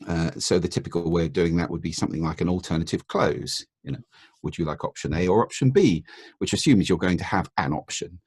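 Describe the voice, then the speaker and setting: In a podcast interview, a male guest speaks in a very low, gravelly register with a husky edge and a slightly mellow quality. He explains things in a measured, patient way, using his own voice to demonstrate intonation. The recording is dry and close.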